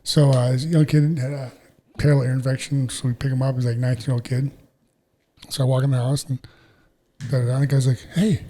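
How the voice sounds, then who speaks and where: A man's voice: mid-range voice, steady tone, dark tone. A middle-aged man telling stories in a laid-back casual chat as a podcast co-host. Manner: storytelling, laid-back, quick.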